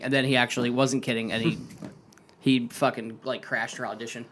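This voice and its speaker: A man's voice: medium pitch, steady tone, brisk, fairly bright tone. A man co-hosting a podcast in casual chat, adding short remarks and laughing often. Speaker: podcast co-host.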